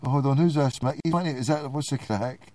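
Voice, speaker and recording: A man's voice: mid-range voice, quick pace, a little mellow, no room sound. A man, hosting a late-night call-in show, joking and swearing through loose banter. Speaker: host.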